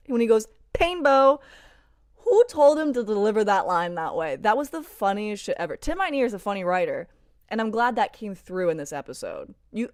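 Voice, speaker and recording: A woman's voice: mid-range voice, dry recording, clean studio sound. A woman in her thirties chatting casually in a video blog, gushing and emotional, filling her talk with "like" and "um". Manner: gushing and emotional, heavy use of "like" and "um". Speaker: vlogger reviewing TV episodes. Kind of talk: casual chat.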